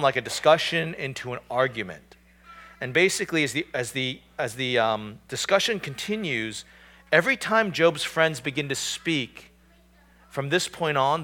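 A man's voice: medium pitch, sharp tone. A man preaching a sermon in a conversational, emphatic way, often restarting his sentences. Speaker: pastor.

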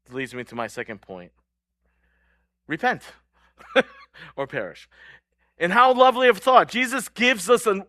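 A man's voice: fairly high pitch, sharp tone, no room sound, studio quality. A young adult man preaching a sermon in a casual, joking way, laughing often. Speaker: pastor.

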